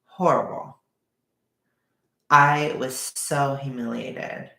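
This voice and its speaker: Man, storytime vlogger, gravelly fry in his voice, echoey room, candid and emotional. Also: medium pitch, fairly even intonation, extremely slow, sharp tone. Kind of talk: storytime vlog.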